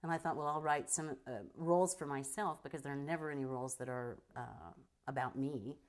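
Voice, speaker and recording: This guest, a filmmaker and actor in middle age, has a rumbling low voice and a fairly quick delivery. She trades stories during the interview conversation, bringing a stage-trained voice to her lively impressions of others.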